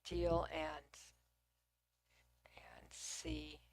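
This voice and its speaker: A woman's voice: lowish voice, very animated, extremely slow, gravelly. A middle-aged woman from Texas with a Texan accent, hosting a casual livestream and chatting with viewers at her computer, sometimes dropping to a near whisper. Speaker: livestream host. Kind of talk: casual livestream chat reading comments.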